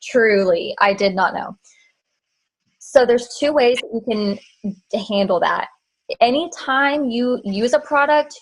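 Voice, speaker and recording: A woman's voice: fairly high pitch, low-quality recording. A woman hosting a casual team training on a video call, direct and practical.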